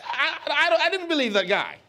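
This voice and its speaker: Casting note: man with a high voice, a pastor teaching from the pulpit in a loose storytelling way that stumbles over words. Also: very animated, normal speed, pushed and bright. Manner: conversational, stammers and repeats words, quizzes the congregation. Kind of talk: teaching sermon with stories.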